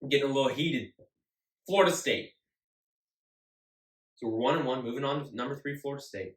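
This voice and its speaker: A man's voice: mid-range voice, fairly quick. A man hosting his own sports show, talking casually and emphatically and often repeating himself. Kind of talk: casual solo sports talk. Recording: echoey room, mic at a distance.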